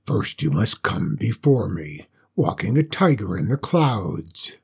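A man voicing a huge, proud old dragon with a slow, booming, threatening delivery, in a storybook reading. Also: sing-song, gravelly, darkish tone, husky, heavily acted. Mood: menacing. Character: huge ancient male dragon, menacing and proud.

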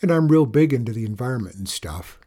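A man's voice: medium pitch, animated, fast talker, mellow, close to an everyday voice. A man playing a goofy, friendly schoolboy. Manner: easygoing, eager.

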